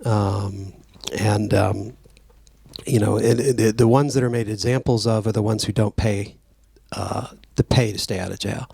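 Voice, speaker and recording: A man's voice: lowish voice, normal speed, vocal fry, slightly rough, no room sound. A man, an author speaking conversationally to an audience, with many fillers and restarts. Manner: frequent fillers and restarts, animated when quoting. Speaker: author at a book talk.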